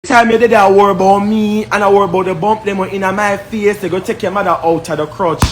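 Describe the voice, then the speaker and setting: A man's voice: sits high, steady tone, fast. A man with a Jamaican accent, ranting on a live stream in a confrontational, repetitive, scornful way. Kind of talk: heated live-stream rant.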